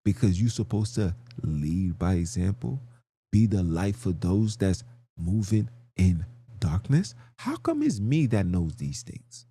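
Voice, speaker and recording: A man hosts a live podcast in a husky voice that sits a little low. His delivery is preachy and argumentative, with slang and a string of rhetorical questions. His pitch swings widely as he presses his points. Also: sing-song, unhurried, warm tone. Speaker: podcast host. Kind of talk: livestream podcast monologue.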